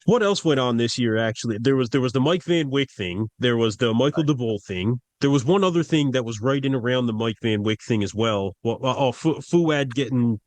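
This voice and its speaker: A man co-hosting a podcast, with a middle-pitched voice and a dry, close sound. He rambles through stories with casual swearing. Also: no echo. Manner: rambling, profane, quick asides. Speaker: podcast co-host. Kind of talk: casual chat.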